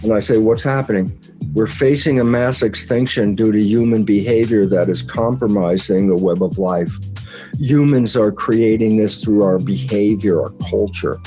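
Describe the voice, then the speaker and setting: A man's voice: fairly low pitch, normal speed, warm tone, soft background music. A man in an interview, explaining ideas in conversation and acting out his own quoted dialogue with animation. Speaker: interview guest.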